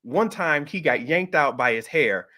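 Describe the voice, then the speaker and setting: A middle-aged man telling a personal story in a casual, animated way, jumping up in pitch when he acts out what people said. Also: measured pace. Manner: animated, acts out quoted voices with pitch jumps. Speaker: host.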